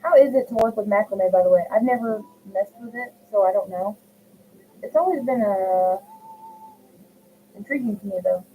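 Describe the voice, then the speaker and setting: A woman's voice: medium pitch, moderate pace, long pauses. Middle-aged lady crocheting and rambling to her chat, tinny phone sound, bit of hiss. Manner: chatty, rambling, talks to viewers by name. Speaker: crochet livestream host. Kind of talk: casual chat while crocheting, reading live comments.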